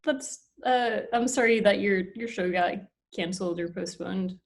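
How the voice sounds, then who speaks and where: A woman's voice: mid-range voice, moderate pace. A woman hosting a podcast, speaking hesitantly with many fillers while learning a skill. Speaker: podcast host.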